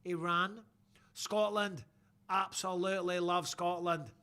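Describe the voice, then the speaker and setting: Brief: middle-aged man hosting a live chat, bright and slightly high voice, sweary and lively. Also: slow, clear, resonant tone. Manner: lively, sweary, blokey banter. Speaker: host. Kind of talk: live chat shout-outs.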